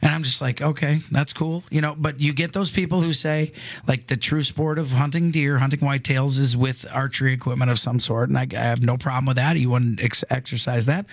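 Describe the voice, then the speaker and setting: A man's voice: medium pitch, steady tone, fairly quick. A man hosting a radio talk show in casual studio chat, chatty and joking, often restarting his sentences.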